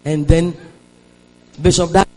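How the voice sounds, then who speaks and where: A Nigerian woman preaching a sermon, moving between hushed storytelling and shouted declarations and calling on the congregation to respond. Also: low-pitched, fairly even intonation, takes it slowly, rough recording. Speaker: preacher giving a testimony.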